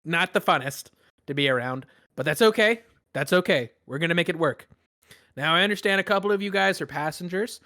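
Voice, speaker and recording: A man's voice: on the high side, a little fast, bright, forceful tone, dry recording, clean studio sound, voice pushed up. A man voicing a jolly, chubby male pirate first mate who talks cheerily and brags. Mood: chatty. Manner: cheery, chatty, boastful.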